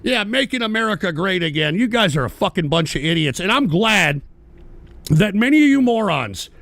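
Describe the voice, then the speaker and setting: High-pitched, gravelly man ranting. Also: sing-song, normal speed, dry recording. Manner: profane, sarcastic and shouting. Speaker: livestream host. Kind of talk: angry political rant.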